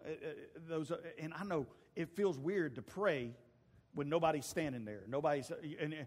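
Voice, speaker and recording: A male pastor preaching a sermon, telling stories with acted voices and occasional shouts. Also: on the high side, brisk, slightly rough, in a large hall. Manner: storytelling preacher acting out voices, shouting at peaks. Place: church sanctuary.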